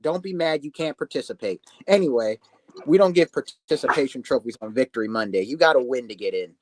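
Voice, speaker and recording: A young man with a lively, rising and falling voice trades playful, teasing sports banter. Faint background noise sits under him. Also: medium pitch, fairly quick. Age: young adult. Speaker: guest.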